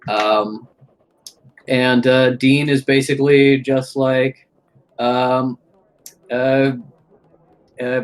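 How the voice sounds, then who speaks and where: Male game master, unhurried and halting, mid-pitched, tabletop game narration. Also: steady tone, rough recording. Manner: slow, hesitant, many fillers.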